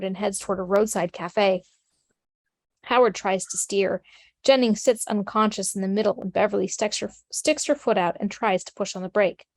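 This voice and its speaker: A woman narrating the stage directions of a script in a steady, matter-of-fact way. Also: medium pitch, no room sound.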